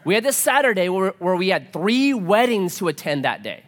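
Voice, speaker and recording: A pastor with a high voice preaches a sermon at normal speed, telling a personal story. His storytelling is animated, and he acts out the dialogue.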